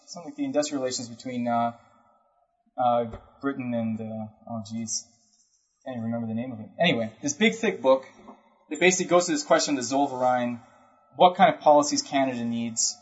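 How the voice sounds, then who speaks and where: A man giving an informal history lecture, talking conversationally, often checking in with the listener and acting out historical speakers in brief asides. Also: mid-range voice. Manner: conversational, keeps checking in with "right?". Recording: dull lo-fi recording.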